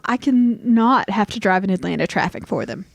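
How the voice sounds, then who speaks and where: Lively woman chatting on a podcast. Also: medium pitch, fairly quick, vocal fry, dry recording. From Southern US. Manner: chatty, laughs often, trails off mid-sentence. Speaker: podcast co-host. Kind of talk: casual chat.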